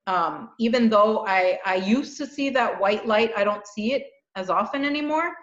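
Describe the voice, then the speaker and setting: Woman talking spiritual stuff, earnest and animated, echoey room, kinda dull sound. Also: mid-range voice. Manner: earnest, animated storytelling with frequent restarts. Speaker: channel host. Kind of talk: casual spiritual chat.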